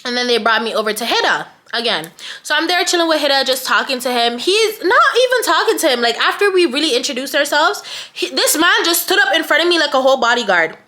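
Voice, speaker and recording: Chatty young woman with a bright voice. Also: high-pitched, fast. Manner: chatty, slangy, animated asides. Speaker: storyteller. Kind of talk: casual storytime.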